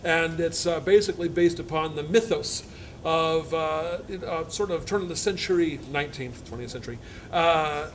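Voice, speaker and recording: A man, a university instructor, reading a picture book aloud to a live audience, halting with fillers and joking asides. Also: fairly high pitch, a little hiss or hum.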